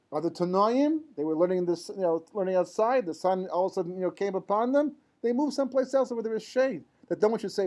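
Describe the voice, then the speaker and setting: A man's voice: high voice, quick pace, hardly any pauses, mellow. A man teaching a Torah class in a conversational lecture style, mixing Hebrew terms into English and often asking "right?" to check in with his listeners. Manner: conversational, asks rhetorical questions and checks in with "right?". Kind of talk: informal lecture to a live class.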